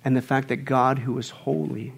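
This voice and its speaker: A man preaching a sermon as a pastor, swinging between loud outbursts and hushed, whispered lines. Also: medium pitch, little pitch movement, normal speed, creaky, breathy edge.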